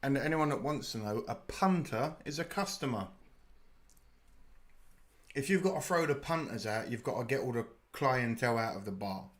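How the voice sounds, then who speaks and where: A British man hosts a live watch-party stream in a loose, chatty way. He explains slang to his viewers and drops swear words freely. His voice sits at an ordinary middle pitch. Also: animated, moderate pace, fairly bright tone. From United Kingdom. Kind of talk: casual live reaction chat.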